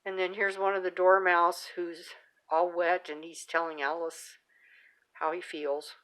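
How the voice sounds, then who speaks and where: A woman's voice: lowish voice, flat delivery, unhurried, a bit bright. Chatty woman showing off a craft journal. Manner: chatty, rambling with fillers and restarts. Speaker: craft channel host. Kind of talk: casual show-and-tell.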